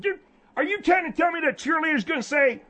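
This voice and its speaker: A man playing a blunt, scornful male caller who shouts from far off and is hard to understand. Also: very high voice, fast.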